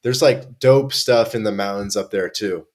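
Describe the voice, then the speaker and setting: A young Canadian man guesting on a podcast relates travel tales in a relaxed, slang-heavy manner, frequently starting over. His lowish voice is a bit mellow, and he talks at a normal speed in this casual chat.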